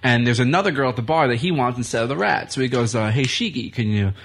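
A man's voice: mid-range voice, animated, quick pace, vocal fry, fairly bright tone, slight background noise. A man who is a guest comedian and wrestler, telling rambling, profane anecdotes as casual chat on a talk radio show in the studio.

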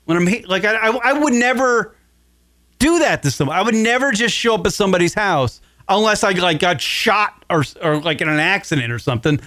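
Male radio host, slightly higher voice, dry studio sound, profane and rambling. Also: brisk, no room sound. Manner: profane, rambling, animated retelling. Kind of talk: casual comedic chat.

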